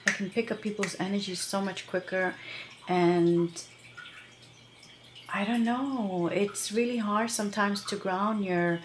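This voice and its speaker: A woman's voice: mid-range voice, reverberant, slight background noise. A woman tarot reader talking casually to her viewers, rambling and chatty, with many fillers and laughs. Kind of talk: casual tarot reading to camera.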